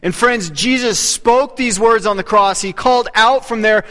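A man in his thirties preaches with a high, light voice and earnest intensity. He often sinks to a near-hush to drive a point home. His words ring out with a long reverb, as in a large church hall. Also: unhurried, hardly any pauses. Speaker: pastor. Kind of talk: sermon.

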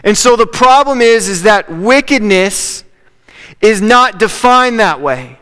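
A man's voice: sits high, lively intonation, slow, fairly bright tone, clear, resonant tone. A man preaching a sermon as a pastor, in a conversational way that repeats key phrases for emphasis. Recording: long reverb of a large hall.

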